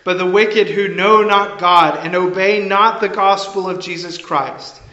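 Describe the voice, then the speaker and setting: A man preaching a sermon in a measured, earnest way, now and then restarting a phrase. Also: high voice, steady tone, pushed and bright. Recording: echoey, slightly dull room sound.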